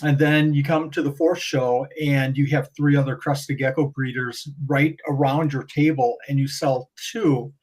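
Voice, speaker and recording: A man talking as a guest on a podcast, animated and rambling, often restarting his sentences. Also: mid-range voice, normal speed, hardly any pauses, low-quality recording. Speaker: guest breeder. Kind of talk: casual podcast conversation.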